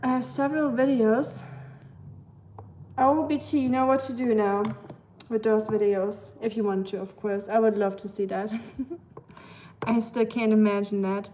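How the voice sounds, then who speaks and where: A woman's voice: mid-range voice, little pitch movement, a little slow, pauses often, mellow, slight background noise. A woman from Germany, chatting casually on a live stream, reading out viewer comments and filling her talk with "like". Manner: chatty, reads viewer comments aloud, heavy use of "like".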